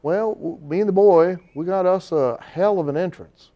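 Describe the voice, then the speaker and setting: A man's voice: sits high, moderate pace, dull audio, pitched above the performer's own voice, close to an everyday voice. A man voicing a fussy small-town male wrestling promoter with a Southern drawl and folksy, repetitive talk. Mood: earnest. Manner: drawling, folksy, keeps repeating himself.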